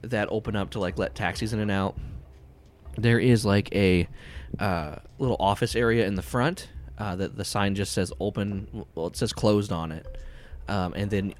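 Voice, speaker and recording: A man's voice: on the low side, normal speed, slight background noise. A man narrating a tabletop horror game as game master, describing scenes in a rambling, filler-heavy way.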